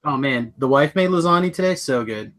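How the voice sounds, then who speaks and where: A middle-aged man co-hosts a casual podcast over a webcam call, joking, rambling and humming tunes. His mid-range voice is fairly bright, a little fast, with lively intonation.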